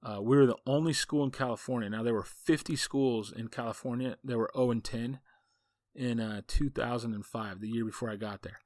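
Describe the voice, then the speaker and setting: A man coaching football tells a story in a casual, rambling monologue. He speaks with folksy enthusiasm, his voice sitting at an everyday middle pitch. The sound is dry and close, with no room echo. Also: a little fast, a little mellow. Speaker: football coach and podcast host.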